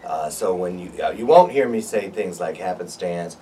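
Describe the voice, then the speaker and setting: Playful male guest with a lowish voice, sitting off-mic, faint noise in the studio. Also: normal speed, few pauses, recorded from a distance. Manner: playful, joking, animated storyteller. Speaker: guest, public speaking coach. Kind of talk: casual interview chat. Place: radio studio.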